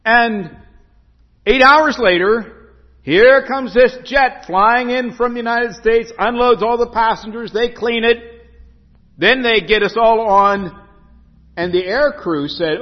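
A man preaching a sermon, telling stories and reading scripture slowly with emphasis. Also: very high voice, in a large hall, highs cut off. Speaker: pastor.

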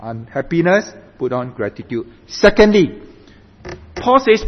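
Pastor guy preaching slow, kinda high voice, dull recording in a big echoey hall. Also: big pitch swings. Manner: slow and emphatic, often asks "right?". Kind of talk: sermon.

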